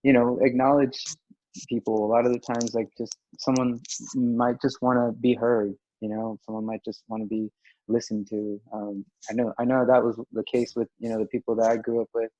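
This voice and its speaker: A man's voice: mid-range voice, flat delivery, normal speed, mellow, no room sound. A young man speaking as a podcast guest in casual group discussion, earnest and rambling with lots of filler words. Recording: dry, dull lo-fi audio.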